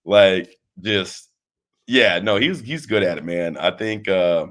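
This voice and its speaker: Rambling, animated man telling stories. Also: low voice, takes it slowly. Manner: animated storyteller, rambling with restarts, acts out quotes. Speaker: interview guest, wrestling trainer. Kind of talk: casual interview chat.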